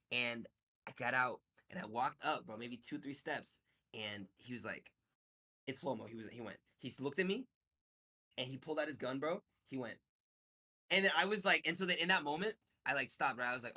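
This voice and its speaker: A man talking as an interview guest in casual chat, halting and restarting, swearing, getting heated. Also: mid-range voice, sharp tone.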